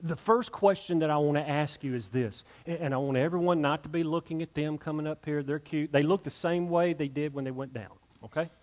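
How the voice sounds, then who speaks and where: A man's voice: fairly high pitch, brisk, hardly any pauses, a little mellow. A male pastor, preaching a sermon and leading an invitation, earnest and emphatic, often repeating words as he builds.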